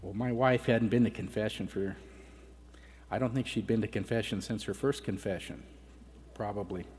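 A man's voice: fairly low pitch, fairly even intonation, moderate pace, darkish tone. Middle-aged man telling a story in a reverberant hall. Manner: conversational, acts out family dialogue. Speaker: conference speaker. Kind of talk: personal testimony storytelling. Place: conference hall. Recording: reverberant hall with faint background noise.

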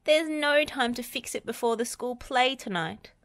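A woman voicing a flustered female teacher who sounds high and dismayed. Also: moderate pace, fairly bright tone, dry recording, close to an everyday voice.

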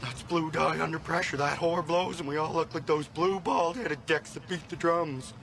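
A man's voice: on the high side, steady tone, normal speed, vocal fry, background noise. An actor playing a meek, fretful trailer park man who pleads and nags earnestly. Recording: film audio with loud ambience.

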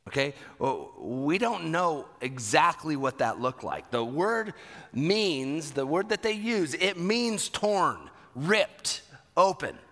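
A middle-aged man preaching a sermon as pastor, animated and repeating words for emphasis. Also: fairly high pitch. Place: church sanctuary. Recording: long hall reverb.

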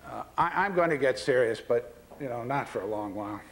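A man's voice: mid-range voice, animated, fairly quick, heavy background noise. A man who serves as baseball commissioner, giving a public speech full of anecdotes and delivering them with dry wit. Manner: storytelling with dry wit, retelling quoted dialogue.

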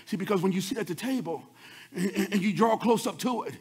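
A male pastor a sermon, swinging between loud chanted shouts and quick low murmurs. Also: slightly rough.

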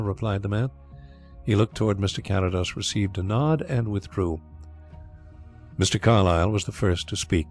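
A man narrating a classic detective story audiobook in an even, steady reading. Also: lowish voice, moderate pace, pauses often, soft background music.

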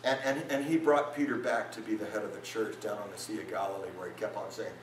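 A male pastor preaching a lively sermon at a men's retreat, his voice climbing when he acts out the crowd. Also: fast, background noise. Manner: animated, voice rises high when acting out listeners. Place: conference hall at a retreat. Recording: roomy hall sound, mic from a distance.

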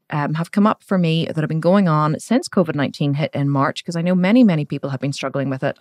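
A woman's voice: sits low, a little mellow, no echo. Woman host, frank and chatty, recorded dry and close. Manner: frank, chatty, swears, quick asides. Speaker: podcast host. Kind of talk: candid personal monologue.

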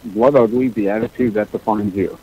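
A man's voice: lowish voice, steady tone, brisk, husky. Laid-back man on dull radio audio. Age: middle-aged. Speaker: guest, entrepreneur. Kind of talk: radio interview.

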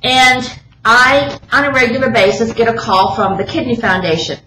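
A woman telling an animated, self-mocking story from the pulpit, acting out her own lines. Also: on the high side, moderate pace. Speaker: speaker at a spiritual center. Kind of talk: casual storytelling sermon. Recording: echoey hall, faint background noise.

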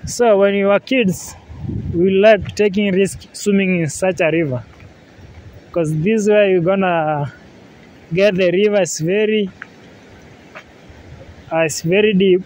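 A man narrates his travel vlog at an unhurried, drawn-out pace, his voice sitting a little high for a man. He sounds relaxed and repeats words as he walks by a river, with faint outdoor noise behind him. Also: rough recording. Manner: relaxed, repeats himself, says "yeah, man" often. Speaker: vlogger. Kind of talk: casual travel vlog walk-through.

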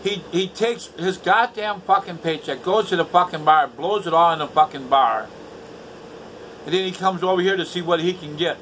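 A man's voice: high-pitched, moderate pace, a bit bright, a little hiss or hum, poor audio. A man in later life ranting to camera at home, bitter and profane, repeating himself. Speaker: vlogger. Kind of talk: angry rant to camera. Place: indoors at home.

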